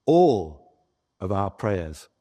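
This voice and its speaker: A man giving a lively historical lecture as a guest author, telling a story and talking with the audience in the room. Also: deep voice, extremely slow. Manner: animated storyteller, chatting with the audience.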